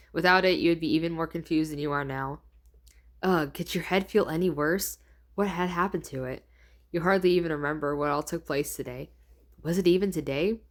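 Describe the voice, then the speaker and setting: List: woman, twenties, reading fanfiction aloud, self-correcting, amused asides, slightly low voice. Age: 20s. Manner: stumbles and corrects herself, laughs at her own writing. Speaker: fanfiction reader.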